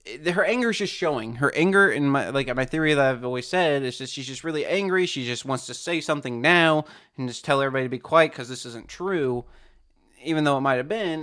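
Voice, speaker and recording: A man's voice: mid-range voice, a bit bright. A man hosting a reaction video, rambling through casual commentary full of restarts and fillers.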